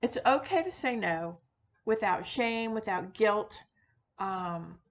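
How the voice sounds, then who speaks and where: Woman host, unscripted chat to camera, unhurried delivery, lots of ums and self-corrections. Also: mid-range voice, animated. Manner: rambling, frequent fillers and restarts, self-deprecating. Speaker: witchcraft video host; teacher of classes. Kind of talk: casual unscripted monologue.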